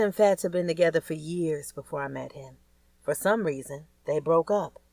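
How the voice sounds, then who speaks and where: Woman, lowish voice, candid streetwise audiobook narrator, dry booth sound. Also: normal speed, a little mellow, dry recording. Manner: blunt, crude, streetwise storytelling. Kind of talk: first-person audiobook narration.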